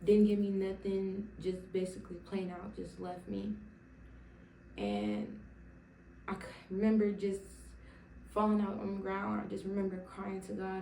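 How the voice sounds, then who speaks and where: A woman's voice: mid-range voice, a little slow, vocal fry, warm tone, far from the mic, slight background noise. A young woman telling her personal faith testimony to camera, emotional and rambling, with many fillers and restarts. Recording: roomy sound from away from the mic.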